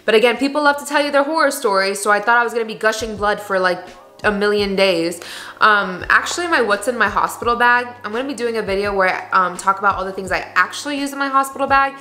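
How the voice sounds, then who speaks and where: Chatty young woman vlogger, bright voice. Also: medium pitch, fast. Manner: chatty, candid, lots of "like" and "you guys". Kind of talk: casual chat to camera. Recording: echoey room.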